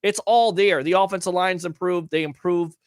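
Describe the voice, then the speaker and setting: A man's voice: sits high, fairly even intonation, moderate pace. A man hosting a call-in sports talk show, teasing callers and firing off rhetorical questions. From Tampa Bay area.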